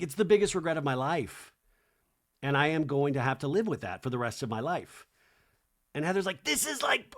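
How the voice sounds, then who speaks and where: A man hosting a podcast, casually recapping a reality show reunion and acting out the cast members' lines in mimicking voices. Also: mid-range voice.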